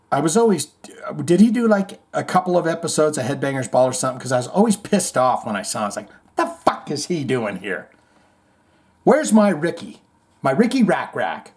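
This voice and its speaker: A man hosting a casual show, reading music news aloud and riffing on it with irreverent, rambling asides and swearing. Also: a little high. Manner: irreverent, rambling, swears, mock-reads quotes. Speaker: host.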